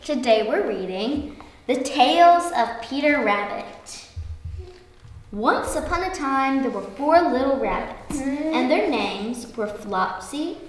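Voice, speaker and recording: A woman reading a children's story aloud, slow and expressive. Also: a little high, a little hiss or hum. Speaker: story reader. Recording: echoey hall, far from mic.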